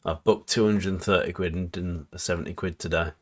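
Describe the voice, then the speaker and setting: Co-host, lowish voice, chatty and bantering, casual stream talk. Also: male voice, steady tone, brisk. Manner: chatty, banters, reads viewer comments aloud. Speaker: livestream co-host reading chat comments. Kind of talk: casual chat on a livestream.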